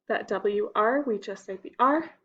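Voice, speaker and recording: A woman's voice: medium pitch, a bit bright, breathy edge, muffled recording. A woman teaching young children a phonics lesson, patient and stretching out the key words.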